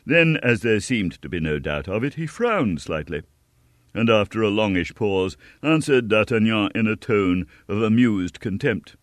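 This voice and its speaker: Deep-voiced man reading a story aloud. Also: expressive, unhurried, no echo, studio quality. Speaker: narrator. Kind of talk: audiobook narration.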